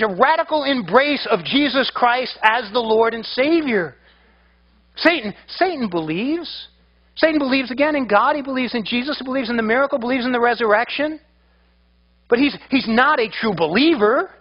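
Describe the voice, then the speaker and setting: A man's voice: very high voice, muffled recording. A man preaching a sermon as pastor, emphatic and often repeating his words as he builds a point.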